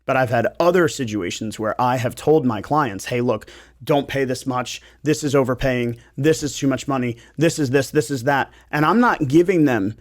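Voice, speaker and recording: A man's voice: mid-range voice, moderate pace. A man who hosts a podcast as a realtor, talking in a loose, rambling, joking way in a studio. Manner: animated, rambling, jokey. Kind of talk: casual podcast chat.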